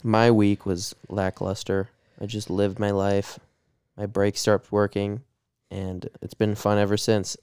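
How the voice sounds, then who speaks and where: A man's voice: on the low side, completely flat delivery, measured pace, a little mellow, clean tone, no room sound, studio quality. A young man co-hosting a podcast, rambling casually with lots of fillers and frequent laughs. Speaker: podcast co-host. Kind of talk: casual chat.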